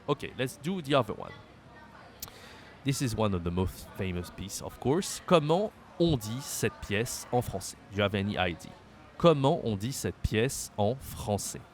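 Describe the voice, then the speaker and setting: A man teaching a language lesson, patiently repeating words slowly for learners. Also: medium pitch, a little hiss or hum. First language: French. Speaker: French teacher.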